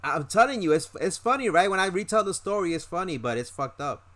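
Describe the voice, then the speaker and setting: A man's voice: high voice, very animated, quick pace, a bit bright. A young man hosting a reaction channel, telling stories casually and animatedly, full of fillers and swearing. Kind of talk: casual storytelling.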